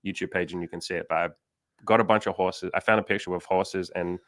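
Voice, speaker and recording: Low-voiced guy talking real fast on a livestream, blunt, swears a lot, dry close mic. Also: fairly even intonation, fairly bright tone, dry recording. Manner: fast, blunt, swears casually, acts out quoted dialogue. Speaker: dating coach and livestream host. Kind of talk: casual livestream chat.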